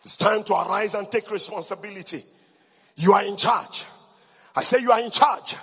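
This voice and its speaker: A man preaching a fiery sermon, shouting and chanting repeated declarations and prayers. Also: high voice, moderate pace, breathy edge, in a large hall.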